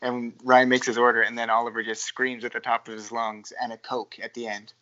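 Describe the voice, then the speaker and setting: A man's voice: mid-range voice, flat delivery, brisk, pushed and bright. A man guesting on a podcast in casual chat, hesitant and restarting his sentences, often laughing. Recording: dull lo-fi audio.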